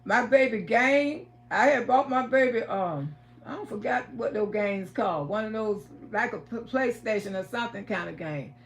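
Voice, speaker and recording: A woman's voice: mid-range voice, moderate pace, a little hiss or hum. A woman hosting a livestream, telling a dramatic story to her viewers, acting out the voices and swearing freely. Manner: dramatic retelling, acts out quoted voices, swears. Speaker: livestream host.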